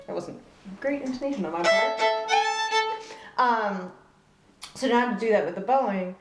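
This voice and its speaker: A woman giving a relaxed spoken fiddle lesson, thoughtful, often pausing with fillers as she explains bowing. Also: medium pitch, over loud music. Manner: thoughtful, with fillers and soft laughs, counting beats aloud. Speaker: fiddle teacher. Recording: roomy echo with loud fiddle playing.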